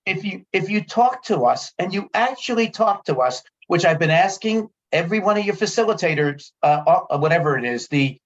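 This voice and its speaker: A man's voice: high voice, lively intonation, normal speed, few pauses. A man speaking up at a town committee meeting, heated and frustrated, repeating himself as he presses his point. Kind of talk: public comment at a meeting. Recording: dull lo-fi meeting audio.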